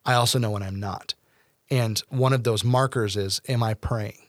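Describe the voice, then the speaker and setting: A man's voice: lowish voice, fairly even intonation, normal speed, dry recording. Earnest man talking faith, dry close sound. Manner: earnest, talkative, with playful asides. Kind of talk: casual faith discussion.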